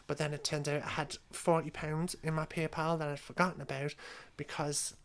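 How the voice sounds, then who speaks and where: A woman's voice: deep voice, flat delivery, normal speed. A young woman, chatting casually and swearing freely as a podcast co-host. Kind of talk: casual chat.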